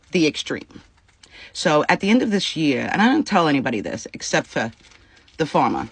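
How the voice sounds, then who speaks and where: A woman's voice: sits low, a bit bright, no echo. A woman venting to her viewers about a personal dispute, upset and near tears, swearing freely and talking in bursts. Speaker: vlogger. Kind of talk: casual venting to camera.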